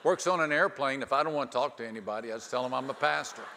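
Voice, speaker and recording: Pastor preaching in a reverberant hall. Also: male voice, mid-range voice, creaky, slight background noise. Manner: dry humor, dramatic pauses, wide swings from hushed to loud. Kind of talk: sermon storytelling.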